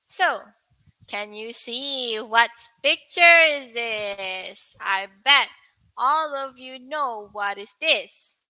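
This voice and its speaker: A young woman teaching an online English pronunciation lesson, asking viewers questions and repeating words slowly. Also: fairly high pitch, animated, bright, forceful tone, dry recording, rough recording. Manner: slow, repetitive, questions to viewers.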